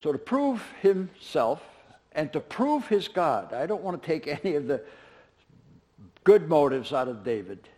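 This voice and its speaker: Conversational pastor, man, slightly high voice. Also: sing-song, measured pace, a little mellow. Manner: conversational storytelling with casual asides. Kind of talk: sermon.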